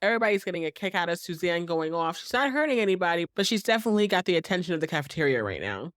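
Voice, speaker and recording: A woman hosting a podcast, casually recapping a TV episode in an animated way and acting out the characters' lines. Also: lowish voice, rapid-fire, no echo, studio quality. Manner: animated, acts out characters' lines, laughs often. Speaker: podcast host.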